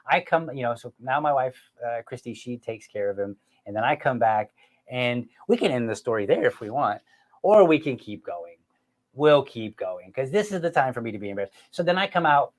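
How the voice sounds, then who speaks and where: A middle-aged man hosting a podcast, telling a family story in an animated, self-mocking way and talking straight to his listeners. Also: mid-range voice. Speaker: podcast host. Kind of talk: casual storytelling chat.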